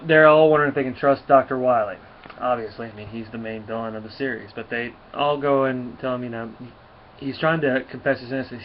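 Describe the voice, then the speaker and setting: Man, mid-pitched, rambling casual comic reviewer; dull lo-fi sound with faint hiss. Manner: rambling, many fillers and restarts.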